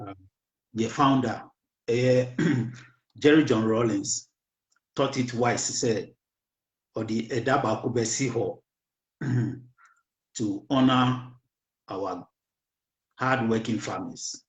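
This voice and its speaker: A hoarse man with a Ghanaian accent hosting a talk show, speaking slowly and haltingly and often switching into English. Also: mid-range voice, reverberant, low-quality recording. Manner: slow, halting, mixes English into Twi. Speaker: radio show host. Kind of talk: casual political talk.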